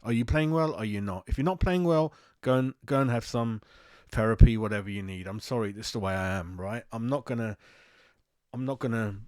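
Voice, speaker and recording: A man's voice: lowish voice, a little mellow, no room sound. A man from West London with a London accent, hosting a football fan channel in a casual, rambling, blunt monologue. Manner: rambling, blunt, self-mocking.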